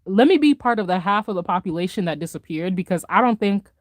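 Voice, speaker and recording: A young adult woman live streamer, ranting in a casual, animated way with lots of slang and laughter while she reads chat. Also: mid-range voice, no room sound, clean studio sound. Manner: animated, fast-talking rant with frequent laughter and slang.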